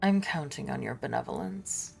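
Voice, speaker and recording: A woman voicing a polite, flattering male official who speaks in a measured, courteous way. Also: rumbling low, creaky, slight background noise, pitched below the performer's own voice, full character voice.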